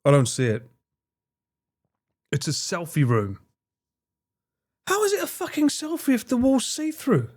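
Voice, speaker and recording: A man's voice: high-pitched, wildly swooping pitch, a little slow, pauses often. A man streamer giving casual reaction commentary, chatty, laughing and swearing.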